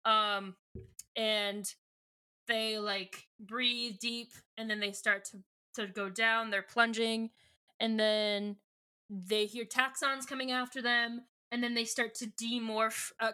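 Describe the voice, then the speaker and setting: Bright-voiced woman recapping a book. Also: fairly high pitch. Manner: rambling, many fillers and self-corrections. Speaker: podcast co-host. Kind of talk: casual book recap chat.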